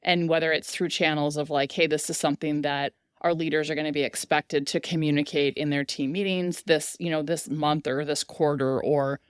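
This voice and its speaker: A woman with a fairly low voice hosts a podcast, responding with enthusiasm and building on her guest's points. The recording is dry and close-miked. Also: fairly even intonation, moderate pace, hardly any pauses, clean tone, dry recording. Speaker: podcast host, leadership expert. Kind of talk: conversational interview.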